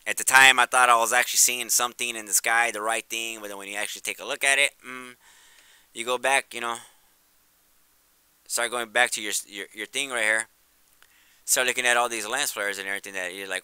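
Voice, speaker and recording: A man talking casually over his video footage, eager and repetitive as he points things out, then turning soft and apologetic. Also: medium pitch, fairly even intonation, a little fast, clean tone, no room sound. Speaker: video creator. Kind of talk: casual vlog commentary.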